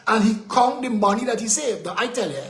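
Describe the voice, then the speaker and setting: A man with a Trinidadian accent hosting a live political talk show, ranting with indignation, firing off rhetorical questions and sometimes shouting. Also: high-pitched, animated, fairly quick, reverberant.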